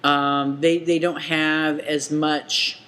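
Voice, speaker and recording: A woman co-hosting a podcast, chatting casually about books in a laid-back, joking way, with quick short replies. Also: low-pitched, little pitch movement, fairly bright tone. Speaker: podcast co-host. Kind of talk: casual book chat.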